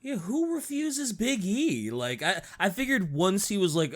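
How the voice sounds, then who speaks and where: A man's voice: high voice, sing-song, a little slow. A man co-hosting a casual podcast chat, reacting and joking. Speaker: podcast co-host.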